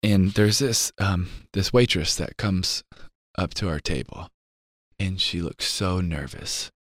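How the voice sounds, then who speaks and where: A man telling a heartfelt personal story as an interview guest, earnest and emotional, sometimes dropping to a hushed voice. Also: low-pitched, slow pace, no room sound, studio quality. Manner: earnest, emotional, drops to a hushed voice for tender moments.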